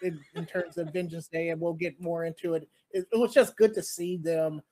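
Man, podcast co-host, slightly high pitch, enthusiastic casual chat. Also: steady tone, normal speed, darkish tone. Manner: enthusiastic, repeats words as he goes.

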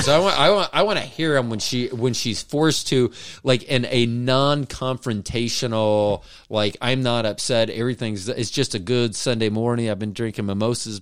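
A man's voice: on the low side, clear, resonant tone, no room sound, studio quality. A middle-aged man co-hosting a podcast, chatting casually in a teasing, joking, swearing manner. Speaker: podcast co-host. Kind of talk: casual chat.

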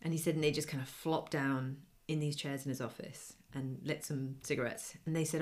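Woman telling a lively anecdote. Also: low-pitched, fairly quick, hardly any pauses. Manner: animated anecdote-telling, acts out quoted voices. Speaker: podcast co-host. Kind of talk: casual chat, storytelling.

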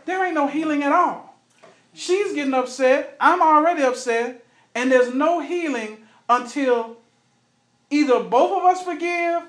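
A man's voice: very high voice, echoey room. A man leading a Bible study in an earnest, conversational way, often asking the group questions.

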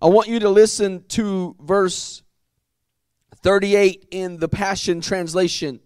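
A pastor preaching a sermon with impassioned, drawn-out emphatic phrases and repeated words. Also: male voice, high-pitched, steady tone, darkish tone, smooth, no echo, clean studio sound. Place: church sanctuary.

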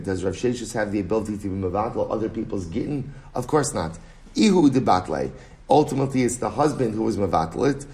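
A man teaching a Talmud class in a lively, conversational way, reading Aramaic and explaining it in English with many "right?"s. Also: on the low side. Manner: frequent "right?" and restarts, storytelling tone. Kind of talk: Talmud lecture.

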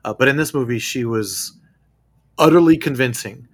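A man's voice: mid-range voice, normal speed, slightly rough. A middle-aged man hosting a podcast, easygoing and prompting others with questions in casual chat. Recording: faint background hiss.

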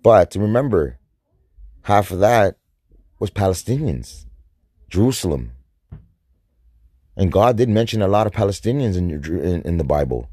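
A man's voice: sits low, sing-song, unhurried, long pauses, dark tone, slightly rough, dry recording, studio quality. A man from North America ranting to his viewers, agitated and profane, rambling and repeating himself while drinking and smoking. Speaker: vlogger. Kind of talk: stream-of-consciousness rant to camera.

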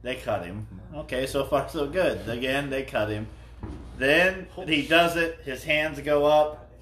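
Relaxed man telling a story. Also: medium pitch, unhurried, echoey room, a little hiss or hum. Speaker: podcast co-host. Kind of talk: casual storytelling chat.

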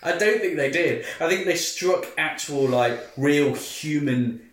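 A man's voice: a little high, a little slow, roomy sound, distant mic. A man co-hosting a casual chat, making wry joking asides. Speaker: podcast co-host.

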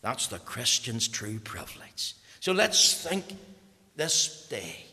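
A man preaching a sermon, dropping to hushed whispers and then rising to loud, fervent emphasis. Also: on the low side, sing-song, measured pace. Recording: long reverb of a large hall.

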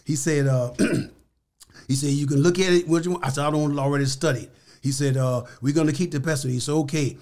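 Older male guest, high-pitched, emphatic, animated storyteller who voices his quotes. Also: brisk. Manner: emphatic, repeats key words. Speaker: interview guest. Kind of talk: storytelling in a podcast interview.

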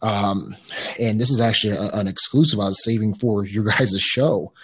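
A man's voice: lowish voice, normal speed, slightly rough. A man guest on a podcast, telling a story casually in a rambling way, with restarts and swearing.

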